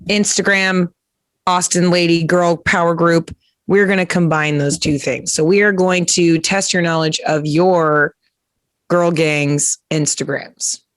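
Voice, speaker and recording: A comedian host chatting loosely and jokily, stumbling through fillers and restarts. The voice sits at a middling pitch. It is recorded close and dry, with no room sound. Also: fairly even intonation, measured pace, fairly bright tone, clean tone, dry recording. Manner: rambling, jokey, many fillers and restarts. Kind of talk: casual live-stream interview chat.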